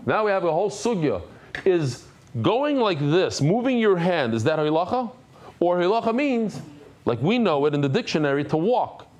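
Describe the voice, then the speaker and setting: Male Talmud teacher, slightly high voice, very lively pitch, explains terms as he goes and jokes with the class. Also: moderate pace. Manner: animated, repeats phrases, explains Hebrew and Aramaic terms in English; jokey asides to the class.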